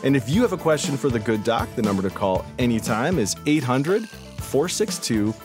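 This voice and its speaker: A man's voice: medium pitch, sing-song, moderate pace, over music. A man hosting a radio health show, upbeat and announcer-like in a studio. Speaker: radio host. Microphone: studio mic.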